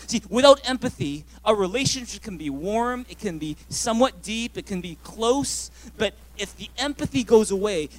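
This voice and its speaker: A man, a pastor, preaching a sermon, telling stories with acted-out dialogue and asking the congregation to answer. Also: sits high.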